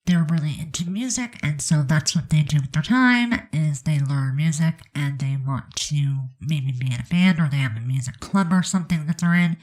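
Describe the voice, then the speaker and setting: A woman's voice: low voice, poor audio. A woman with a stuffed-up, congested voice giving a chatty, rambling voice-over commentary on a game build. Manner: chatty, rambling, many fillers.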